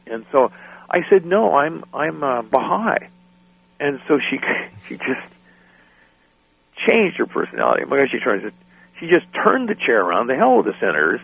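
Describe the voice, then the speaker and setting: A middle-aged American man, a musician and guest, telling lively anecdotes and acting out the people in them, often laughing. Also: medium pitch, normal speed, creaky, husky, no room sound. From United States. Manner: animated anecdotes, acts out quoted voices. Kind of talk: storytelling interview. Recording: dry phone-line sound.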